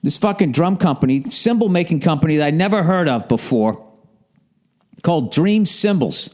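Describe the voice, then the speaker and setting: A man's voice: on the high side, animated, normal speed. Rambling, profane man. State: sore voice, sucking a cough drop. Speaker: podcast host. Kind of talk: profane casual monologue.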